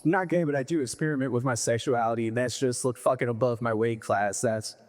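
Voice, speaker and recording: A man's voice: medium pitch, fairly even intonation, fast. A young man doing a stand-up set, rambling and self-deprecating, packed with fillers. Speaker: stand-up comedian.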